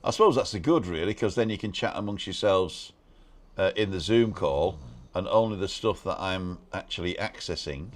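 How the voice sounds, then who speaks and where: A man's voice: low-pitched, animated, normal speed. A man hosting a casual live stream over a video call, chatting and laughing often while explaining the stream setup. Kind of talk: casual chat. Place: home balcony.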